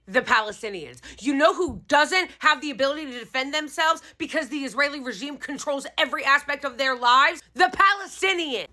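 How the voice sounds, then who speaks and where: A woman's voice: sits high, pushed and bright. A woman giving angry reaction commentary, ranting with heavy profanity. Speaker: political commentator.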